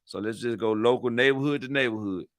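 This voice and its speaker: Male host, casual rambling monologue, slangy and repetitive, forceful tone. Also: mid-range voice, quick pace, no echo, studio quality. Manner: slangy, repetitive, playful hype. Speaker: channel host.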